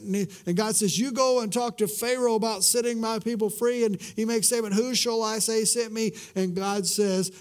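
A middle-aged pastor with a high voice preaches a sermon. He stumbles over and repeats words, then sinks to a soft, slow hush to stress a line. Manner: swings from loud emphasis to hushed, drawn-out words; repeats words and restarts mid-sentence.

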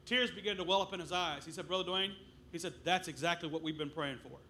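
A middle-aged man preaching a sermon as a missionary, telling stories with loud bursts. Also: a little high, fast, a little hiss or hum. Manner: animated storytelling with loud bursts.

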